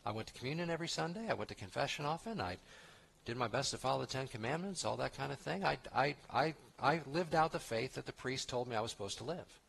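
A pastor preaching from the pulpit with a slightly husky, breathy voice at a middle pitch. He talks in a conversational way, leaning hard on key words and circling back with asides and restarts. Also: lively intonation, fast talker, fairly bright tone. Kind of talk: expository sermon.

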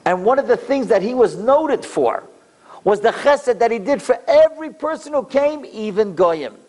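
A middle-aged man giving a storytelling lecture, animated and acting out voices in dramatic bursts. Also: very high-pitched, normal speed.

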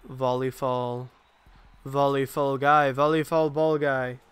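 A young man streaming a game live, giving excitable commentary full of profane trash talk. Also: medium pitch, takes it slowly, clean tone, dry recording.

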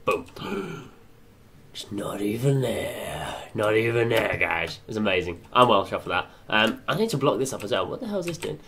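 Young guy gaming, lively swingy voice, swears a lot, talks to himself. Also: lowish voice, moderate pace, husky. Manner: excitable, swears often, chatters to himself. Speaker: gaming channel host. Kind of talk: let's play commentary.

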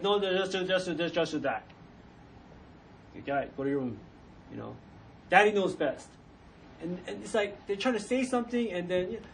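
High-voiced preacher heard from off-mic. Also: male voice, distant mic, rough recording. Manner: conversational, acts out quoted voices. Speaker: pastor. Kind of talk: sermon. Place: church. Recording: faint noise, voice from off the mic.

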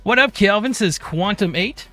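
A man hosting a game live stream, greeting chat by name in a relaxed, easygoing way. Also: sits high, normal speed, no echo, faint music behind. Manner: reads chat names in a relaxed drawl.

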